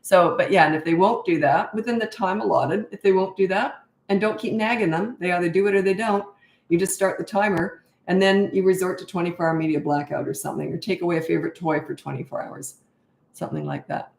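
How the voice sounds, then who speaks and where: A woman's voice: fairly low pitch, a little fast, vocal fry, echoey room. A middle-aged woman parenting coach answering viewer questions on a live stream, blunt and emphatic, often repeating words for stress.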